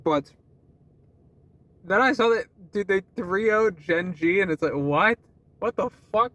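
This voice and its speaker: High-voiced young man rambling casually. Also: expressive, measured pace, fairly bright tone, no room sound. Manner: rambling, laughs often, swears freely, many restarts. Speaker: vlogger.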